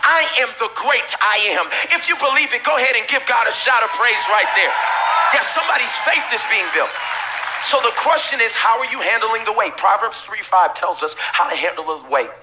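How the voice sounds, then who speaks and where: A man preaching a sermon as pastor to a live church congregation, emphatic and repetitive with bursts of shouting and casual joking asides. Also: high voice, expressive, brisk, over a noisy crowd, very noisy.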